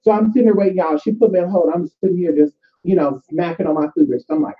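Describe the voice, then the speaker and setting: A woman's voice: on the low side, quick pace, hardly any pauses. A woman vlogging casually about spiritual practice, chatty and profane, calling her viewers y'all. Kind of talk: casual spiritual advice and storytelling. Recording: tinny phone-like sound.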